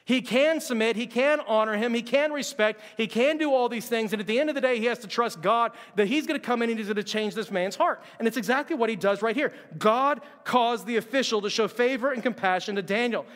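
A man preaching a sermon in a conversational, animated way, acting out the quotes. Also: very high-pitched, brisk, few pauses. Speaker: pastor. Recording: long hall reverb.

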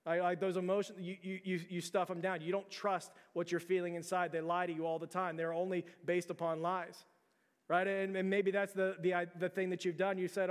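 High-voiced pastor in a reverberant church. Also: male voice, level tone, brisk. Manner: conversational, repeats words, builds to emphatic peaks. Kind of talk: sermon. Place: church sanctuary. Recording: long church hall reverb.

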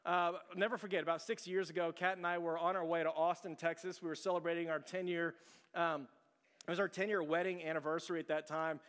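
A man's voice: on the high side, little pitch movement, fast talker, a bit bright, smooth. A middle-aged man preaching a chatty, self-deprecating sermon, telling a story and asking the audience questions. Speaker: pastor. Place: church sanctuary. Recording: long hall reverb.

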